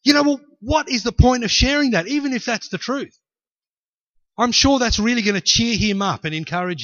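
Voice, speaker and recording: A man's voice: sits high, dry recording, highs cut off. A man preaching a sermon and acting out the people in the story. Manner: animated preaching, acting out voices. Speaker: pastor.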